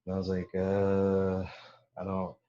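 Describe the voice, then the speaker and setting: Speaking slowly in a low voice, a young man spins a long war story during casual podcast chat, swearing often and laughing as he bursts into animated quotes of what others said. The audio is dull, in an echoey room.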